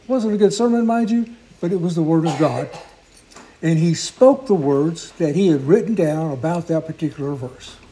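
A male preacher tells a story from the pulpit in a fairly high voice with a soft, mellow tone. He speaks earnestly and without hurry, and now and then stops to correct himself. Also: a little hiss or hum, low-quality recording. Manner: earnest, unhurried storytelling with small restarts. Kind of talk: sermon storytelling.

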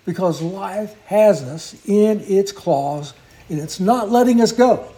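A man preaching a sermon, telling a story in an earnest, unhurried way with small restarts. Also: high voice, lively intonation, warm tone, rough recording.

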